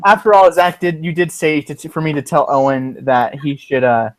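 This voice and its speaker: A man's voice: on the high side, moderate pace, no echo. A man chatting casually on a livestream, rambling and profane with frequent fillers and restarts, recorded on a computer mic. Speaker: livestream co-host.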